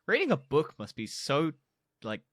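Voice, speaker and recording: A man's voice: fairly high pitch, wildly swooping pitch, normal speed, fairly bright tone, dry recording, clean studio sound. A young man co-hosting a podcast, talking bluntly with crude asides in casual chat. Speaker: podcast co-host.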